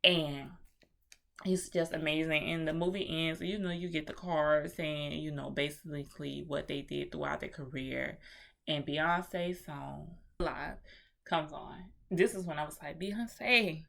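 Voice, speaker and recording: A woman with a notably low voice retells a film in a loose, chatty vlog review. She talks animatedly, full of slang and the odd swear word, and addresses her viewers directly. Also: little pitch movement, measured pace, creaky. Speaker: movie reviewer.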